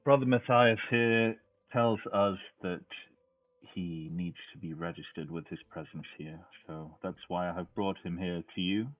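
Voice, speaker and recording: A man playing a tabletop game, speaking formally and smoothly in character. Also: sits low, a little slow, soft background music. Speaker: player. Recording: tinny phone-like voice chat.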